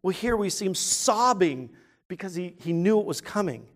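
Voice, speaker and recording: A man preaching a sermon in an earnest way, asking rhetorical questions and swinging from quiet, hushed points to loud, emphatic ones. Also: sits high, lively intonation, normal speed. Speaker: pastor.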